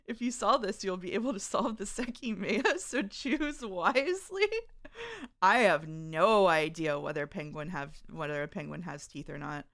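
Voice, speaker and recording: Her voice is lowish and a bit bright, moving at normal speed with hardly any pauses. The woman is a streamer casually chatting with viewers during a live stream, reading their messages aloud and laughing frequently in a chatty, giggly way.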